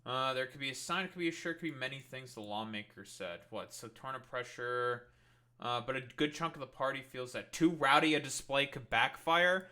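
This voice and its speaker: A man's voice: medium pitch, animated, normal speed, sharp tone. A man streaming, ranting with profanity and exasperation while reading political news aloud. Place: home streaming setup.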